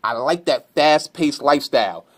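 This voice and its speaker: A stand-up comedian from Brooklyn with a New York accent, ranting brashly with profanity and mocking questions. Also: male voice, mid-range voice, animated, moderate pace, fairly bright tone. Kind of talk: comedic rant to camera.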